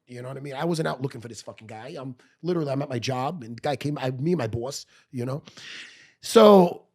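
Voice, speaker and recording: A man's voice: mid-range voice, animated, fast talker. A middle-aged man, telling a blunt, profane story as a guest in a podcast studio. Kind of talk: storytelling in conversation.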